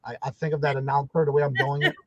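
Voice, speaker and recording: A man hosting a live stream, warmly greeting each viewer by name in an upbeat, repetitive way. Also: mid-range voice, level tone, fast, no echo, lo-fi sound. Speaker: livestream host.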